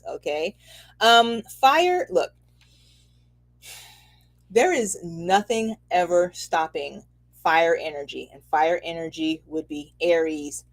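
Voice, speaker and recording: Chatty, animated woman. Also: on the low side. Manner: animated, chatty, laughs often, says "okay?" a lot. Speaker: spiritual reader and host. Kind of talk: casual livestream reading.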